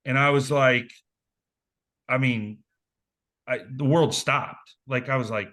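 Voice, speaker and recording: A man in his forties from southern Indiana, telling stories from his playing days in a casual, animated interview. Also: mid-range voice, a little slow. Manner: animated storyteller, acts out quoted voices. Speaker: interview guest, former basketball player. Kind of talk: casual storytelling.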